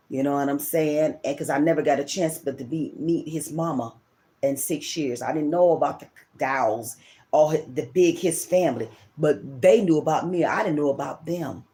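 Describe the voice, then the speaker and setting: A middle-aged woman with a low, warm voice speaks at a normal pace. As a tarot reader and host of her channel, she shares a personal story that wanders, turns emotional, and keeps repeating itself.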